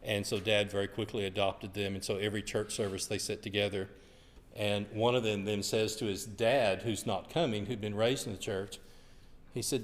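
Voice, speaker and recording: A man's voice: on the low side, steady tone, moderate pace. A man sharing folksy family stories while co-teaching a church class. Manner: folksy, anecdotal. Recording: reverberant hall.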